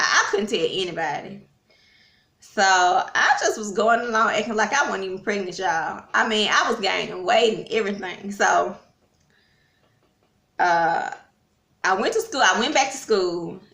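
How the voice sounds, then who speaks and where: A woman's voice: mid-range voice, pushed and bright. A woman telling a personal story to her viewers in a chatty, casual way. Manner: chatty, addresses viewers, frequent fillers. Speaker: vlogger. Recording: roomy echo.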